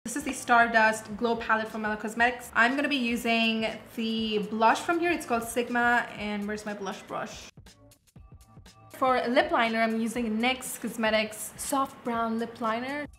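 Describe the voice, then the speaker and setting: A woman's voice: on the high side, fairly bright tone. A woman in her twenties hosting a casual makeup tutorial vlog, blunt and sassy, swearing freely. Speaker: beauty vlogger. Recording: echoey room.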